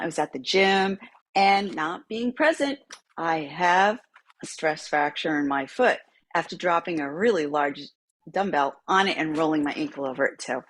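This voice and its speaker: A woman on an online group call, chatting and telling a personal story in a lively way, laughing often and acting out what others said. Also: low voice. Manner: chatty, laughs often, acts out quoted voices. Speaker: call member sharing. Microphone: computer mic on an online group call.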